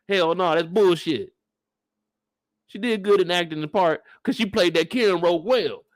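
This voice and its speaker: A man's voice: high-pitched, a little fast, no echo. A man giving casual TV recap commentary, joking, slangy and full of swearing. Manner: animated, slangy, profane, joking. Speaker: TV recap reviewer.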